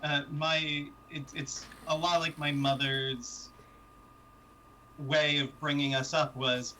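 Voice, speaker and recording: Man with a slightly higher voice, stop-start anecdote teller, faint hiss behind. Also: level tone, sharp tone, low-quality recording. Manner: halting starts, anecdotal storytelling. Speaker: panelist. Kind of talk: casual chat.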